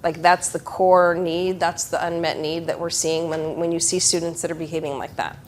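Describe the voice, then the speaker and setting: A middle-aged woman giving a live workshop presentation to educators, talking in an animated way. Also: on the low side, normal speed, a little hiss or hum. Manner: animated, acts out children's voices.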